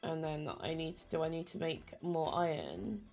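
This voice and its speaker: A woman's voice: deep voice, very animated, moderate pace, darkish tone, faint music behind. A woman chatting casually while playing a game, talking to herself and to the animals in it. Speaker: game streamer. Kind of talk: casual gameplay chat.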